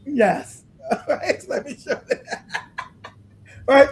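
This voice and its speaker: Guy ranting on his stream, pretty high voice w some gravel, laughs a lot. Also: animated, drawn-out words, a little hiss or hum. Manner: loud, laughing, blunt rants. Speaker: livestream host. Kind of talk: casual commentary on a livestream.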